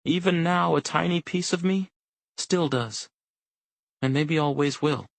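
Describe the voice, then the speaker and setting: A man's voice: on the high side, a little slow, vocal fry, no room sound, voice pushed up. Man voicing a choked-up grieving wife. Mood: tearful. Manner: choked-up, wistful. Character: tearful grieving wife, soft and wistful.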